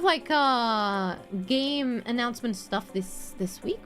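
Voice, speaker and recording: A woman's voice: on the high side, animated, takes it slowly, a bit bright, faint music behind. A woman streamer chatting casually with her viewers, playful, laughing often and swearing now and then.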